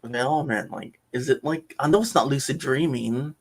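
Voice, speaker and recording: Hosting a casual livestream chat, a middle-aged man spins animated stories, swinging from loud excitement down to muttering. He talks at normal speed in a mid-range voice with a breathy edge, and the audio quality is poor.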